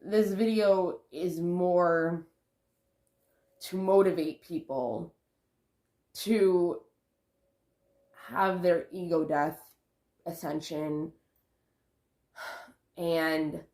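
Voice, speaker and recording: A woman's voice: on the low side, steady tone, extremely slow, long pauses, a little mellow, reverberant. A woman talking casually to her vlog camera about spiritual growth, rambling and correcting herself as she goes. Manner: rambling, self-correcting, sighs and laughs. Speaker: vlogger.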